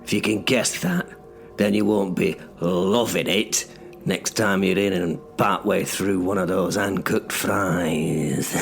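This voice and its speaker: A man's voice: sits low, gravelly, full character voice. A man narrating in first person as a bitter cursed sorcerer stuck in menial work, sardonic and sweary in an audio drama.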